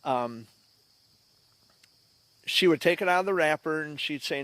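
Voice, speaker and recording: A man's voice: a little high, measured pace, long pauses, fairly bright tone, dry recording. A man in a casual, reflective, conversational telling of a childhood memory. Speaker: vlogger. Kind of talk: casual storytelling.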